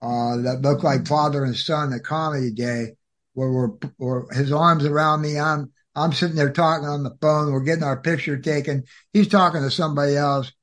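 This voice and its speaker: A man's voice: a little high, moderate pace. A man hosting a talk radio show, chatting casually with lots of fillers. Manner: relaxed, filler-heavy. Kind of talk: casual chat.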